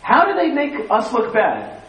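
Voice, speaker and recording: Animated man speaking in an echoey hall. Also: extremely high pitch, a little slow. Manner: animated, repeats phrases, laughs, asks the audience questions. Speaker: speaker addressing an audience. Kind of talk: lively storytelling talk. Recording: echoey room, far from the mic, faint hiss.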